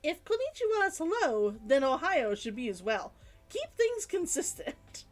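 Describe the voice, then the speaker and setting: A woman's voice: high voice, sing-song, moderate pace. A woman streamer chatting casually on a live stream, musing aloud and reading out chat comments.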